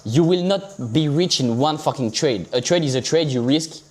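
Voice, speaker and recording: A man's voice: a little high, normal speed. A man casually commenting on trading charts to his live viewers, chatty and loose, swearing offhand and calling them guys and bro. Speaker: livestream crypto trader.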